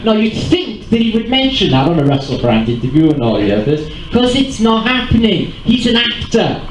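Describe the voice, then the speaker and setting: A man giving an animated, rambling talk live to an audience. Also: high-pitched, normal speed, slight background noise. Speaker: convention speaker. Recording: roomy hall with faint ambience.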